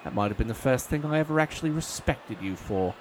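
An actor playing a haughty, insulting upper-class English gentleman in a comedy audio sketch, with an English accent. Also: medium pitch, animated, fast talker, noisy background, natural voice. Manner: haughty, scornful, theatrical.

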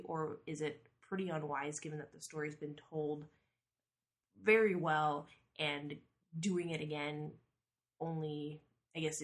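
A woman caller recording a casual, conversational audio question with a few fillers. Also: low-pitched.

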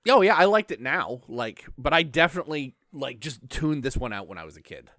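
A man of middle pitch whose voice jumps around as he jokes on a podcast. He talks in a sarcastic, playful way, recorded close with a dry sound. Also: a little fast, no echo. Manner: joking, sarcastic, animated. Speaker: podcast co-host. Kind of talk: casual chat.

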